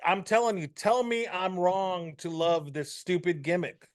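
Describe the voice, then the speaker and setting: A man's voice: sits high, fairly even intonation, a little slow. A man co-hosting a casual podcast chat, ranting and joking with profanity. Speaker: podcast co-host.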